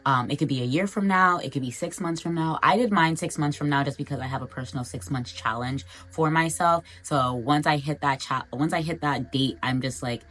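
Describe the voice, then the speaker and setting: A young woman with a notably low-pitched voice speaks in a casual motivational vlog. Her delivery is earnest and encouraging, loose and chatty, addressed straight to her viewers. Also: a little fast, few pauses, a bit bright. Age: young adult. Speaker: vlogger.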